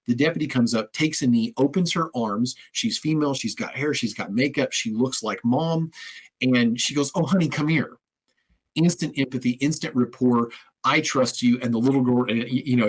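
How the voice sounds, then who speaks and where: A man hosting a podcast, telling stories in a casual conversational way and acting out quoted voices as he goes. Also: medium pitch. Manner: animated storyteller, acts out quoted voices. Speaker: podcast host. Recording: husky, occasionally crackly audio.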